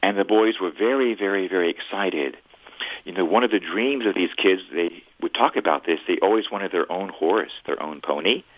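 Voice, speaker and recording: A priest telling a story in an animated way on a radio talk show. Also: male voice, sits low, normal speed. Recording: tinny phone-like radio line.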